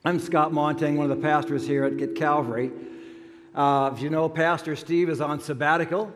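A man's voice: fairly high pitch, level tone, normal speed, a little hiss or hum. An older man, a pastor, giving a chatty, folksy sermon full of stories and fillers. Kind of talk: sermon with jokes. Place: church sanctuary. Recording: long church reverb.

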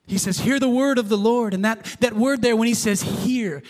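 Male pastor, high-pitched, emphatic preaching style, recorded in a church with long reverb. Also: normal speed. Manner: emphatic, with repetitions and sudden shifts between loud and soft. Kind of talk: sermon.

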